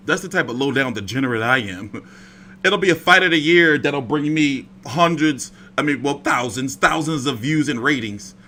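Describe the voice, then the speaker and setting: A fairly high-pitched man hosts an informal boxing livestream from his home, chatting in a loose, foul-mouthed, energetic way. A light hiss or hum runs under the recording.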